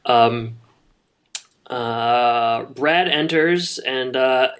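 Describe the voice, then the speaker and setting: A man co-hosting a podcast, casually recapping a sitcom episode with plenty of fillers and pauses. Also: mid-range voice. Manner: relaxed, hesitant with many fillers. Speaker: podcast co-host.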